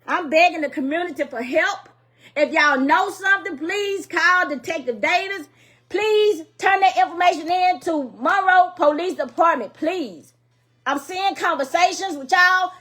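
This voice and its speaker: A woman's voice: very high voice, measured pace, fairly bright tone. A middle-aged mother making an impassioned public plea, grieving and angry, speaking in emphatic, repetitive, scolding bursts. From Louisiana, US.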